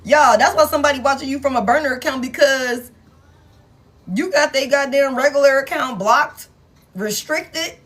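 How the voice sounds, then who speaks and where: A tarot reader speaks at a normal speed in a high voice with a fairly bright tone. She chats casually with viewers, laughs often, and swears while playfully acting out the people in her reading.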